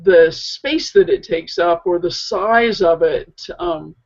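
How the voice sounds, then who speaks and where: A woman co-hosting a casual chat, talking slowly and hesitantly with many pauses and fillers. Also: fairly low pitch, darkish tone. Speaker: co-host. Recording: muffled lo-fi audio.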